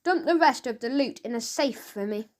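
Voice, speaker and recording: A woman's voice: a little high, animated, normal speed, close to an everyday voice. A woman voicing a greedy, menacing male crime boss in a storybook reading, with a sneering, threatening manner. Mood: commanding.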